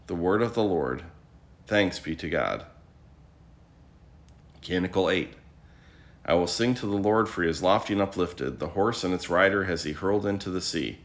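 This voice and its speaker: A man reading morning prayer scripture aloud as a liturgy reader, in a measured, steady recitation. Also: sits low.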